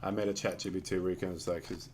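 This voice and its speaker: A man walking through the rules of his card game in a loose, casual tutorial, often restarting sentences and filling pauses with ums. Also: deep voice, little pitch movement, heavy background noise.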